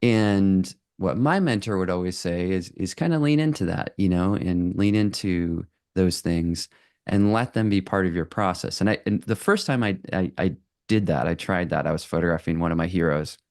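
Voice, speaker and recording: Male presenter with a low voice and dry, close sound, loose and chatty, slipping in fillers and little laughs. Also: moderate pace, no room sound. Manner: animated and conversational, with frequent fillers and laughs. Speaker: photographer giving a talk. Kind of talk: live presentation to an audience.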